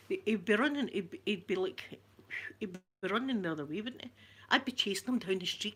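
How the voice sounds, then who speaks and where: A woman's voice: medium pitch, animated, fairly quick, a bit bright, husky. A woman with a broad Glaswegian accent, hosting a casual live-stream chat, greeting viewers by name and laughing often. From Scotland. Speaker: ASMR channel host.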